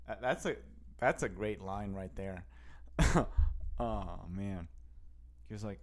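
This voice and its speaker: A male podcast host talks casually about a comedy clip. He speaks slowly and rambles, with frequent halts and restarts. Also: lowish voice. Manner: rambling, halting, many restarts. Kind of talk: casual commentary.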